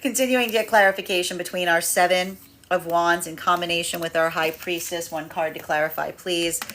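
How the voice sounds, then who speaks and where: A woman tarot reader talking through a collective energy reading, rambling and animated, acting out little inner voices as she goes. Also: lowish voice, fairly quick, a little hiss or hum. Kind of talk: spiritual energy reading, monologue.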